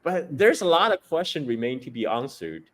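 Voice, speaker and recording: A man's voice: mid-range voice, very animated, normal speed, fairly bright tone. A man giving casual political commentary, ranting with many restarts and repeated words; his is not English. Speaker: guest commentator.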